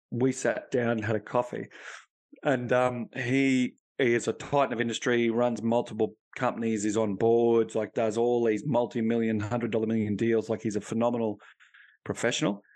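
Man, blunt, casual podcast talk, middle pitch. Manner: blunt, swearing, storytelling. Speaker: high performance coach.

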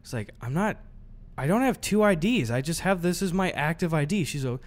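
Young male podcast co-host, lively pitch, slightly high, casual storyteller who swears and acts out dialogue. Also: fairly quick. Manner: animated, swears freely, acts out both sides of the story.

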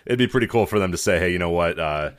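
A man hosting a podcast, easygoing and halting, often repeating words as he talks. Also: deep voice, lively intonation, clear, resonant tone. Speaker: podcast host. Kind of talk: casual podcast chat.

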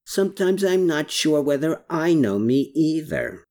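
A woman's voice: low-pitched, expressive, a little slow, dark tone. A narrator doing a sly, teasing woman. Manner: murmuring, teasing.

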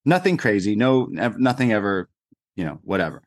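A man co-hosting a casual podcast, telling an animated anecdote with lots of fillers. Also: lowish voice, brisk, no echo, studio quality. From Canada. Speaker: podcast co-host. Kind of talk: casual chat, storytelling.

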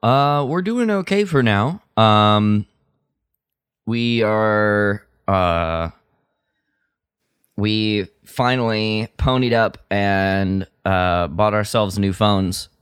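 Easygoing low-voiced man, dry close sound. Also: fairly bright tone, smooth, no room sound. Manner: easygoing, laid-back with filler pauses. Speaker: podcast co-host. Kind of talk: casual chat.

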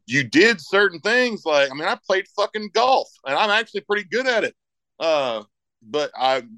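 A middle-aged man with a bright, forward voice talks in loose, rambling chat. He swears in nearly every sentence and keeps pressing his points. The recording is close and dry, with no room sound. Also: a little high, no room sound, low-quality recording. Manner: heavy swearing, rambling and emphatic. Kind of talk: casual chat.

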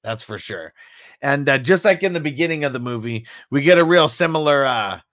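A man's voice: medium pitch, expressive, a little fast, fairly bright tone, no echo, studio quality. A man co-hosting a casual movie review, laughing often and mimicking punch sounds. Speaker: podcast co-host.

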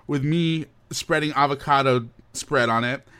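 A young man co-hosting a podcast, telling a story in casual chat, animated and often breaking into laughter. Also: medium pitch, a little slow, clean tone, dry recording. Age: young adult. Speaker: podcast co-host.

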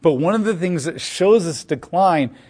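Male Bible teacher, voice on the higher side; chatty verse-by-verse teaching with playful asides. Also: animated, normal speed, darkish tone, husky.

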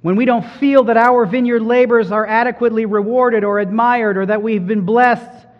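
A man with a high voice preaches a sermon, swelling to emphatic peaks and then falling back to hushed lines. His words ring out with a long hall reverb. The recording sounds dull and muffled. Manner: preaching with rising emphasis and soft drops.

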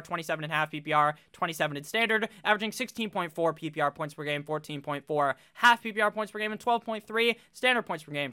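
A man gives fast, blunt fantasy football commentary, reeling off statistics and swearing casually. His voice sits a bit high and sounds bright and forceful. The recording is dry and close, with no room echo. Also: clear, resonant tone.

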